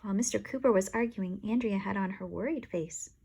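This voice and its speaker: A woman reading a children's storybook aloud in a playful, expressive way. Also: mid-range voice, brisk, vocal fry, slightly rough. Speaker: audiobook reader. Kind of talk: storybook narration.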